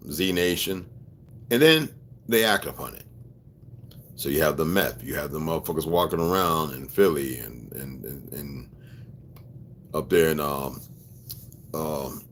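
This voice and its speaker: A man's voice: a bass voice, a bit bright, a little hiss or hum. A man talking straight to his viewers in a rambling, emphatic, profanity-laced monologue, often checking whether they follow him. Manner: profane, emphatic, conspiratorial rant. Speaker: video blogger.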